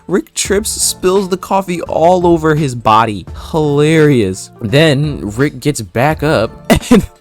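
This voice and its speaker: A man's voice: fairly high pitch, darkish tone. A man casually recapping a TV show in a rambling, profane way, often laughing at his own story. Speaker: video creator.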